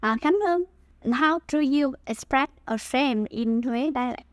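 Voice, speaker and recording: Woman teacher from Huế, Vietnamese accent, high voice, slow deliberate delivery for learners. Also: no echo. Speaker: language teacher. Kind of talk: scripted language lesson.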